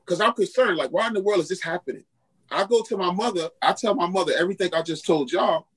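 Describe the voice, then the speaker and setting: A man tells his testimony as a podcast guest, slipping into the voices of the people he quotes. His voice sits a touch high for a man and carries a husky, slightly grainy edge. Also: fast, low-quality recording. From Queens, New York. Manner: animated storyteller acting out quoted dialogue. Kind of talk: storytelling testimony in a podcast interview.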